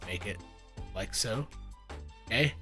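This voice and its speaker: A man giving casual screen-share commentary on crypto charts, animated and wry, with mock-panicked asides and casual swearing. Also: on the low side, slow pace, music in the background.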